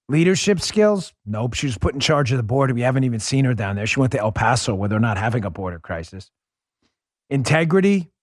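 A man's voice: fairly high pitch, dry recording, studio quality. A man hosting a political talk show, delivering an emphatic, sarcastic monologue full of rhetorical questions.

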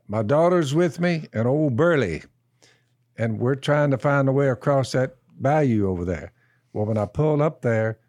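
Slow, folksy man. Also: medium pitch, darkish tone, no echo, studio quality. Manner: slow, drawn-out storyteller who keeps repeating "I said". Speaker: podcast co-host. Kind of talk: folksy storytelling and Bible teaching.

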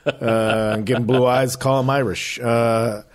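A man's voice: mid-range voice, fairly even intonation, a little slow. A man co-hosting a podcast in casual chat, rambling, swearing freely and acting out voices as he tells stories. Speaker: podcast co-host.

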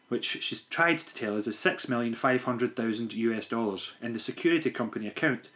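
A man's voice: medium pitch, fairly quick, hardly any pauses, fairly bright tone. Man, podcast co-host, dry wry delivery, reads email aloud. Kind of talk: casual chat and reading listener email aloud.

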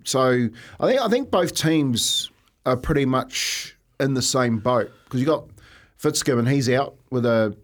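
A man's voice: mid-range voice, a little slow. A middle-aged man, a former player, co-hosting a casual sports radio chat and telling stories with lots of restarts. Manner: rambling, animated storytelling with restarts.

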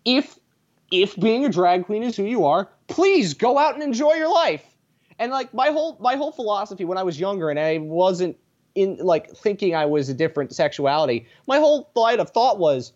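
Lively rambling sarcastic man. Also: high voice, moderate pace. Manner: rambling, sarcastic, full of tangents. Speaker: podcast guest. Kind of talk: casual podcast chat. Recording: dull lo-fi sound.

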